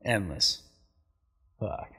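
A middle-aged man, a pro surfer and commentator, telling stories as a guest in a casual chat, profane and animated. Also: very slow, long reverb tail. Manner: profane, animated, acts out quotes.

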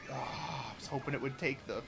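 A man hosting a live racing game stream, chatty and excitable, talking to chat and to his cat at home. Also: a little fast, creaky, over music. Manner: excitable, chatty, bursts into high-pitched baby talk with his cat. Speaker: livestream host. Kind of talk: live gameplay commentary.

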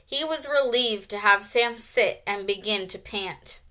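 Slow, bright-voiced woman teacher reading aloud. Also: medium pitch. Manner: slow, expressive storytelling. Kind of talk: read-aloud narration.

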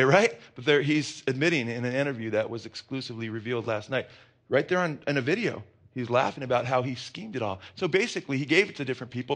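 A pastor delivers an impassioned sermon, his fairly bright voice climbing to high, emphatic peaks. He poses questions to the congregation, answers them himself, and wanders into rambling asides.

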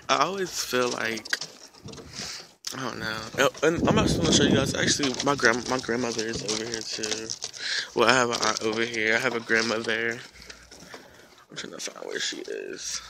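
A young man with a gravelly, creaky voice talks casually to his phone camera, full of ums and half-finished thoughts. He is outdoors at a country cemetery. Loud wind and bird noise sit behind him in a rough outdoor recording. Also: mid-range voice, lively intonation, moderate pace, pauses often. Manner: rambling, many ums and trailing-off sentences. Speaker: vlogger. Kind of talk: casual vlog talk. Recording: noisy outdoor recording with birds.

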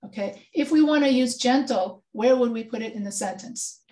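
A woman's voice: a little high, moderate pace, mellow. A woman instructor leading an online grammar review, patiently quizzing students with questions. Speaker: writing instructor. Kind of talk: online class session.

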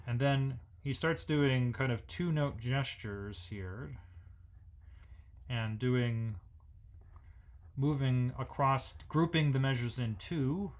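A man hosting a music lesson, thinking aloud as he analyzes a symphony and sings the rhythms on nonsense syllables. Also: mid-range voice. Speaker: music educator host.

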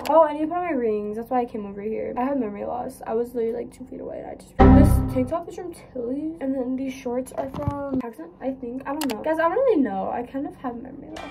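A woman's voice: high-pitched, creaky, heavy background noise. A teenage girl vlogging casually at home, rambling with lots of fillers into a phone camera. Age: teens. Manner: rambling, filler-heavy teen talk. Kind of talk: casual vlog chat. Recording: background music under the voice.

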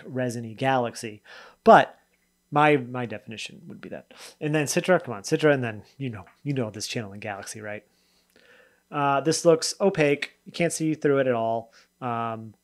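A man in a relaxed beer review vlog, with an average-pitched voice. He talks off the cuff and rambles, drifting between thoughts and fixing his words mid-sentence. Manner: rambling and chatty, often trailing off and correcting himself; loose, spontaneous tasting commentary.

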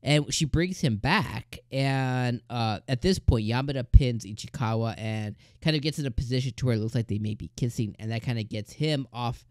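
A man hosting a casual anime episode review, talking in an excited, rambling way with plenty of fillers. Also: mid-range voice, normal speed, hardly any pauses, no echo, clean studio sound.

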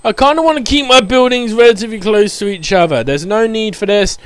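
A man's voice: high voice, fairly quick, a bit bright, smooth, no echo. Chatty man rambling over gameplay. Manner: rambling, chatty, lots of "like" fillers. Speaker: gameplay commentator. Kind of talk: casual gameplay commentary.

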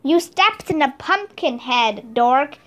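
A woman's voice: high-pitched, lively intonation, slow, a bit bright, full character voice. A woman voicing a bossy know-it-all schoolgirl, prim and smug, in a storybook read-aloud.

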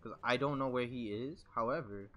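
A young man commentating his own video game match live, excitable and laughing, swearing and trash-talking as he plays. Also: mid-range voice, moderate pace. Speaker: gaming streamer.

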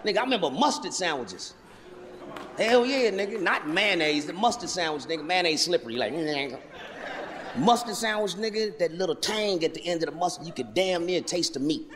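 A man performing stand-up comedy, profane, loud and animated in his storytelling. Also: high-pitched, brisk, slight background noise. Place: large venue with audience. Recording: live hall with loud crowd.

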